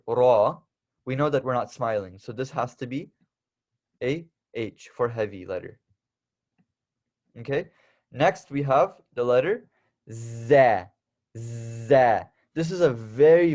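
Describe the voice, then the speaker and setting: A man's voice: medium pitch, a little mellow. A young man teaching the Arabic alphabet in a casual lesson, patiently repeating and stressing each letter sound.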